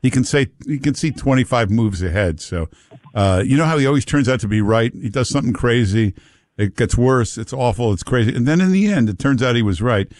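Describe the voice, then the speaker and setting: On a studio microphone with no echo, a male call-in radio host speaks fairly quickly in a medium-pitched, slightly mellow voice with lively intonation. He chats, teases callers, and says things twice for emphasis.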